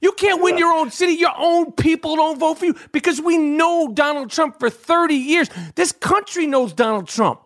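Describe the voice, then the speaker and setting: A man's voice: extremely high pitch, normal speed, few pauses, fairly bright tone. A middle-aged man, ranting heatedly and swearing often, stumbling over repeated words as he talks on a podcast. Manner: fired-up, profane, repeats words when searching. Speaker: podcast co-host. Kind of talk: heated casual rant.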